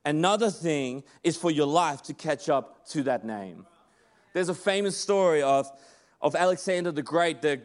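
High-voiced man preaching a sermon. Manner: emphatic, conversational preaching with frequent restarts.

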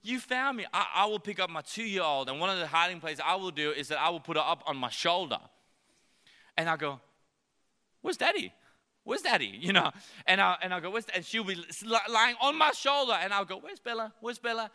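The voice is high, very bright and clean, and the pace is brisk as a pastor in his thirties gives a sermon on a church stage. His storytelling is playful, complete with acted-out voices of his child and God, while a long hall reverb lingers behind each line.

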